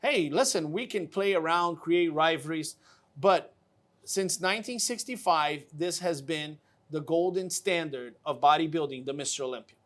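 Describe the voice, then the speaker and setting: A man's voice: fairly high pitch, moderate pace, a bit bright. A man hosting a casual interview show, talking with enthusiasm and repeating words for emphasis. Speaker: show host.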